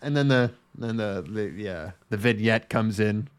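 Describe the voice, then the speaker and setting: A man's voice: fairly low pitch, measured pace, clear, resonant tone. A man co-hosting a casual anime review podcast, joking around and acting out scenes from the show in goofy voices. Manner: jokey, acts out characters in silly voices. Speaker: podcast co-host.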